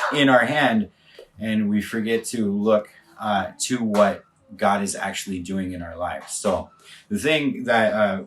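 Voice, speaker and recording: A man with a lowish voice leads a quiet morning devotion as a pastor, pausing often and restarting his sentences as he reflects. He sounds a little distant from the microphone, with faint noise underneath. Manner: halting, reflective, many fillers and restarts. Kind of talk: live-streamed morning devotion.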